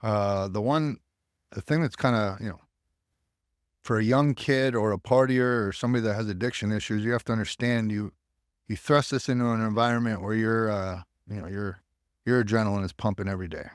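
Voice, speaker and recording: This army veteran from the United States speaks as a podcast guest, candid and blunt, profane throughout, and impersonating voices he quotes. His smooth voice is fairly low, with fairly even intonation and a slightly fast pace. The clean studio sound carries no room sound.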